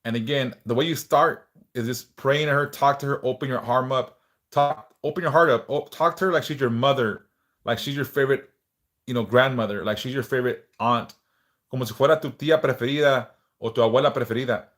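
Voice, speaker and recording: Fairly quick and mid-range in pitch, a male streamer leads prayers and then eases into casual talk. He's relaxed, tosses in occasional swear words, and reads chat messages out. He talks of stuttering, with some words repeated as he goes.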